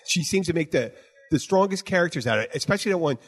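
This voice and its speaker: A man's voice: fairly high pitch, animated, fast, slightly rough. A man hosting a bartending podcast in casual chat, talking bluntly and emphatically with plenty of swearing. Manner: emphatic, blunt, profane, repeats "you know what".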